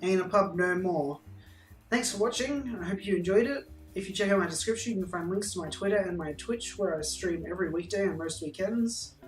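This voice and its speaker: A man's voice: high voice, quick pace, hardly any pauses, echoey room, faint music behind, poor audio. A man chatting and joking as he plays a game and hosts his video series. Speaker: game streamer. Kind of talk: let's play commentary.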